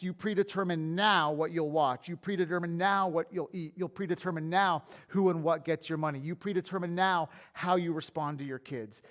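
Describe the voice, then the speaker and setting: A pastor's high-sitting, fairly bright voice carries his church sermon, which he delivers conversationally through honest stories about himself. Whenever he gets worked up, he repeats and restarts words to drive his point home.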